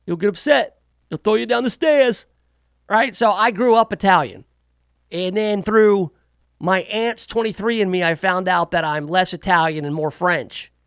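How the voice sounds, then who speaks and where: A man runs his talk radio monologue in a fairly high voice, rambling and sarcastic, tossing jokey asides into the news. The sound is dry and close, with no room around it. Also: a little slow, fairly bright tone, clean tone, no room sound. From United States. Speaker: radio talk show host. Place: radio studio.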